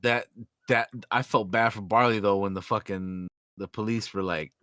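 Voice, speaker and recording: A man's voice: fairly low pitch, fairly even intonation, moderate pace, a bit bright, no echo, clean studio sound. A man co-hosting a podcast in casual chat, laid-back and slangy, stretching words for emphasis. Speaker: podcast co-host.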